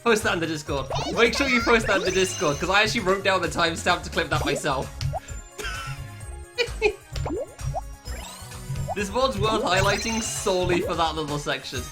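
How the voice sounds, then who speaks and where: A man's voice: high-pitched, expressive, moderate pace, pauses often, over music. A young man streaming a game, chatting casually with his viewers, joking and laughing often at himself. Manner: laughs a lot, joking, self-mocking. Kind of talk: casual live-stream chat.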